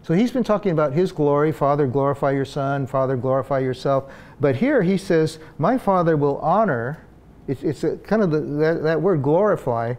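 A man's voice: on the high side, animated, moderate pace, darkish tone. A man preaching a sermon as pastor, in a conversational way with frequent fillers and restarts.

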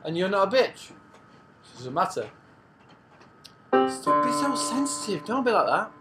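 A man's voice: high voice, sing-song, unhurried, over music. An English man bantering cheekily on a video chat, teasing and joking. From England. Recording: noisy webcam chat audio.

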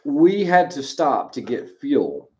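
A man telling a story in a relaxed co-host chat, jumping in and out of the voices of the people he describes. His tone is dark and mellow, and his pitch swings widely as he talks. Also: slow pace, slight background noise. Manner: animated storyteller, acts out dialogue. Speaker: show co-host.

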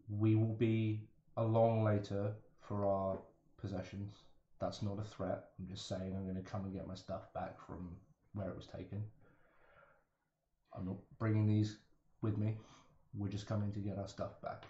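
A man playing a soft-spoken, earnest adventurer. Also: on the low side, level tone, a little slow, lo-fi sound, a little hiss or hum, voice pushed down, lightly acted. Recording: roomy echo.

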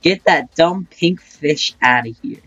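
A man's voice: a little high, measured pace, pushed and bright, dull audio, faint music behind. A teenage boy chatting casually with a friend while playing a game, joking and trash-talking, his voice cracking often. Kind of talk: casual gaming chat.

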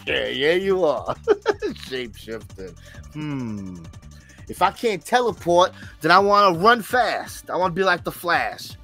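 A man's voice: fairly high pitch, very animated, slow pace, vocal fry, pushed and bright, faint music behind. A man co-hosting a casual pop-culture podcast, playful and teasing, laughing often. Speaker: podcast co-host. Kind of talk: casual chat.

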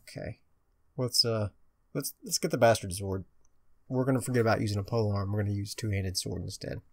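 A man's voice: fairly low pitch, fairly quick, creaky, a bit bright, dry recording. A man casually commenting on his own video game play, muttering to himself and joking at his own expense. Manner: chatty, muttering to himself, self-mocking. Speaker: gameplay commentator.

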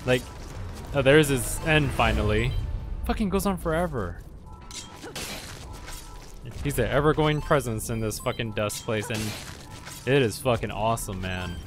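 A man's voice: mid-range voice, measured pace, long pauses, over music. A man giving let's play commentary on a game, swearing often and yelping at enemies. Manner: profane, excitable, yelps at enemies. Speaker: gamer.

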